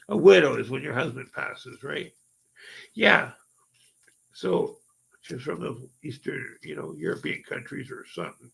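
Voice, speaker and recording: Gravelly, profane man telling a ghost story. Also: fairly high pitch, fairly bright tone. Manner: rambling, profane, heavy fillers like "right?" and "okay?". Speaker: paranormal storyteller. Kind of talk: casual storytelling.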